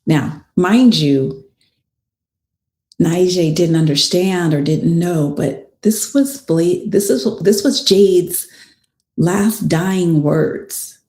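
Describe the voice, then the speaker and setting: A woman's voice: fairly low pitch, a little mellow. A woman host and attorney casually recounting a trial in a chatty, plainspoken way, with frank personal asides. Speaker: family law attorney and podcast host. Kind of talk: casual storytelling recap of a trial. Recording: echoey room.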